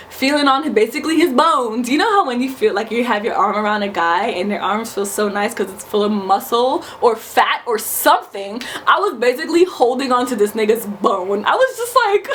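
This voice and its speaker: A woman in her twenties from New York, telling a story in a casual vlog, animated, profane and emphatic. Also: fairly high pitch, slight background noise. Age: 20s. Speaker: vlogger.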